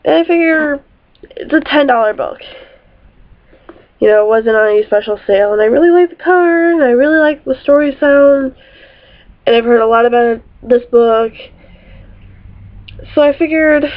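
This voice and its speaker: High-voiced young woman, tinny audio. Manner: animated, chatty storytelling with swearing and quoted dialogue. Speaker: vlogger. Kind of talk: storytime vlog.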